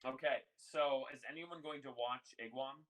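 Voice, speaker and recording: A man's voice: mid-range voice, steady tone, normal speed, fairly bright tone, low-quality recording. A man narrating as game master in a casual, rambling way. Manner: casual, lots of fillers and restarts.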